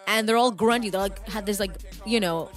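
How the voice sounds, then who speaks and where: A woman's voice: mid-range voice, fairly quick, faint music behind. A woman from Canada telling a story in casual chat, acting out voices and swearing freely.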